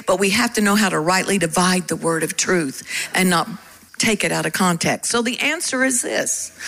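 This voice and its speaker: Bright-voiced woman preaching with animated fervor. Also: fairly high pitch, rough recording. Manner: animated, calls out to the congregation. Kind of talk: sermon.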